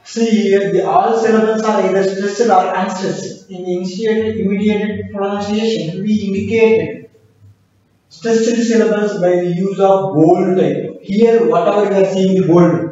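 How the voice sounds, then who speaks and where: A man teaching a casual beginner's language class, explaining slowly and repeating sounds for his students. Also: sits high, fairly even intonation, mellow. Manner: explains slowly with repetition, drills pronunciation aloud. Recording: echoey room, far from the mic, dull sound.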